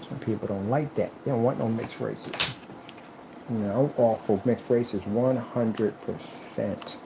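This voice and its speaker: A man's voice: fairly low pitch, steady tone, measured pace, vocal fry, noisy background. A man vlogging as he builds a computer, chatting casually in a rambling, repetitive and enthusiastic way. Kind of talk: casual chat while building.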